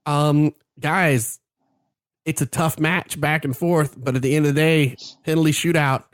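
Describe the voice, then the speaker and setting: Man on a casual podcast, slightly high voice, dry close sound, joking and animated. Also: measured pace, no room sound. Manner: joking, animated, stumbles over names. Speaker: podcast co-host. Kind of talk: casual chat.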